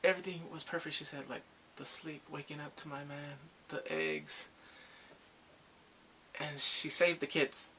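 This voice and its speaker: A man recapping a drama episode in a casual, excited way, acting out the characters' lines and his own reactions. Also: fairly high pitch, a little slow, a little hiss or hum. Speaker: drama reviewer.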